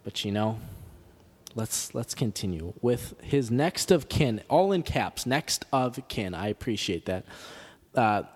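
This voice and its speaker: A man hosting a comedic podcast, reading a letter aloud in a deadpan, mock-serious way with sarcastic asides. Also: lowish voice, takes it slowly, breathy edge, long reverb tail. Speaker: podcast host.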